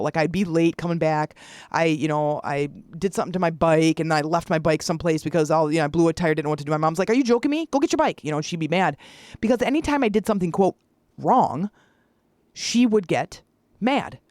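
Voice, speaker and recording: Podcast host, forties, casual solo monologue, lively storytelling, middle pitch, dry recording. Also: no room sound. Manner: chatty, acts out their own and others' voices in stories. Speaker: podcast host and public speaker.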